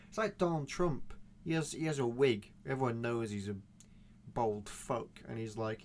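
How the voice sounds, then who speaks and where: A man's voice: mid-range voice, moderate pace, slight background noise. Swearing, rambling young man. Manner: profane, meandering, animated rants. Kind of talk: rambling solo monologue.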